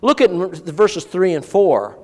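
Animated high-pitched male preacher in a hall. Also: takes it slowly. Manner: animated, asks the congregation rhetorical questions. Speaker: pastor. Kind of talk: sermon.

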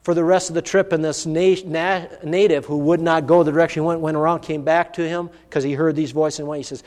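A man's voice: on the high side, level tone, a little fast, darkish tone. A man preaching a sermon, telling a personal story in an earnest, vivid way. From United States. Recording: long hall reverb.

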